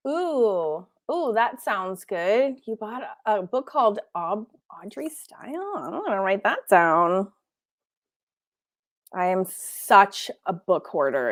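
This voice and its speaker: A bubbly woman hosts a casual livestream for her art students and chats with viewers at home. Her voice is high and swoops all over as she gushes and giggles. The sound is close and dry, with no room echo. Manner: bubbly, excitable, giggly, fills speech with "like". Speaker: online art teacher and host. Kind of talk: casual livestream chat answering viewer comments.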